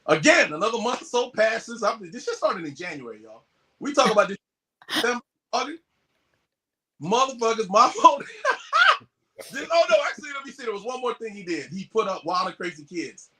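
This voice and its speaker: Animated male storyteller, bright tone, curses freely, jumps into quoted voices. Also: high voice, brisk, long pauses. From US West Coast. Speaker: podcast guest. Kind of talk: casual storytelling.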